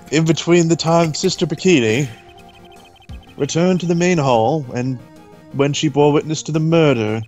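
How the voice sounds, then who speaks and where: A man voicing a stern, formal male prosecutor, questioning in a measured way. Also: fairly high pitch, a little mellow, lightly acted. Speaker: let's play voice actor.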